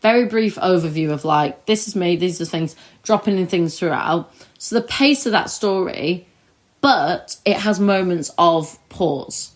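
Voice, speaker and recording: A woman co-host talking casually about a TV episode with a friend. Her voice moves a lot in pitch, rising high when she gets worked up. She keeps slipping into quick impressions of characters. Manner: animated, acts out scenes in quick put-on voices. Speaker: podcast co-host. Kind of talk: casual chat reviewing a TV episode. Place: recorded together in the same room.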